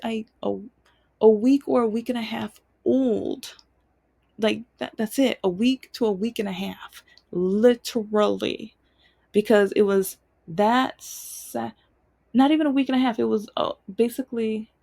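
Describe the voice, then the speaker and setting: A woman's voice: a little high, steady tone, measured pace, gravelly, warm tone. A woman hosting her own show, telling a personal story in an emotional, frank way. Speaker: podcast host.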